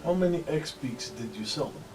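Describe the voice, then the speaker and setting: A man's voice: a little high, animated, a little fast. A man playing a tabletop game, giving short in-game actions. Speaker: player. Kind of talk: casual tabletop play. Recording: distant mic with clear background noise.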